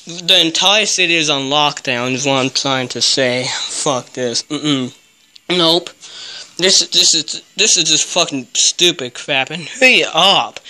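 A man filming a casual vlog in a hot garage, swearing often and talking in a hushed, jittery way. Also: on the high side, unhurried, smooth. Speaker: vlogger. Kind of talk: casual self-filmed vlog.

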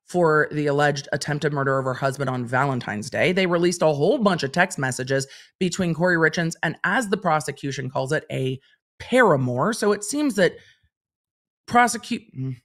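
A woman's voice: low-pitched, moderate pace. A woman hosting a livestream, reading court documents aloud and commenting on them in a chatty, wry way. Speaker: legal commentator host.

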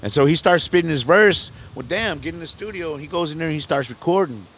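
A man's voice: a little high, lively intonation, quick pace, fairly bright tone, breathy edge. A middle-aged man, a rapper, telling a long story in a casual interview, rambling in loose slang, restarting sentences and often asking "you know what I'm saying". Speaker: rapper guest on a podcast.

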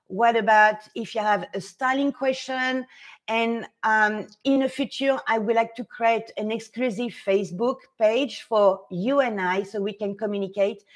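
This medium-pitched woman is a fashion stylist talking informally with people watching her live stream. Her manner is nervous yet excitable, with frequent bursts of laughter.

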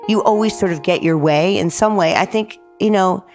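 A middle-aged woman from New Jersey, a guest telling stories in an animated, chatty way, often saying "like". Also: mid-range voice, normal speed, soft background music. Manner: lively, says "like" often, acts out quoted dialogue. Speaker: guest, public art director. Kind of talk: animated storytelling in casual chat.

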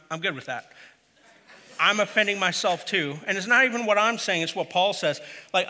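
A middle-aged pastor delivers a sermon in a bright, forceful voice pitched fairly high for a man. He tells humorous stories and addresses his listeners directly in an easy, conversational way.

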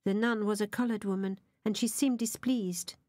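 A woman reading a novel aloud as an audiobook narrator, soft and often half-whispered. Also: mid-range voice, fairly even intonation, normal speed, dry recording.

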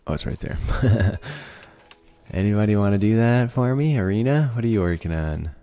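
A man's voice: fairly low pitch, expressive, moderate pace, warm tone. A man giving casual let's-play commentary, thinking aloud, swearing freely and laughing often. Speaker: gaming video creator.

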